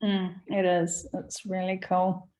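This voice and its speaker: Warm woman podcast host. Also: fairly low pitch, little pitch movement, takes it slowly, poor audio. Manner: warm and encouraging. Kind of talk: conversational interview.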